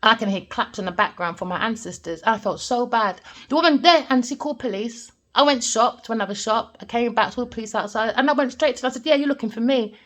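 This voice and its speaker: A woman with a Jamaican family background, a tarot reader telling stories and giving a reading in an animated, emphatic way. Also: fairly high pitch, fast talker. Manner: animated, emphatic, repeats points with "all right?". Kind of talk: casual storytelling and tarot reading.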